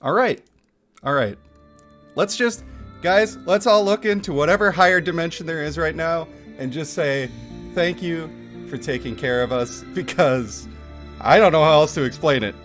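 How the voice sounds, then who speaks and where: A man streaming a mobile game from his home setup, chatting casually, getting excited and laughing often, into a desk microphone. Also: fairly high pitch, moderate pace, soft background music. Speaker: gaming streamer. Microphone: desk microphone picking up chair rumble.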